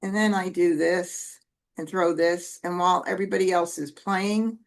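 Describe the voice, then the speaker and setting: Chatty woman teacher with a gravelly voice. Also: lowish voice, steady tone, normal speed. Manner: chatty, self-correcting, conversational asides. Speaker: Mah Jongg instructor. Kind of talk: casual teaching while playing.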